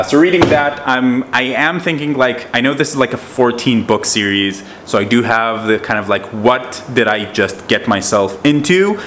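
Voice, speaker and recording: A man's voice: mid-range voice, a bit bright, slight background noise. A man from Israel with an American accent, chatting casually as host of a TV talk channel, rambling with lots of fillers. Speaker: TV show host. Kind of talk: casual chat.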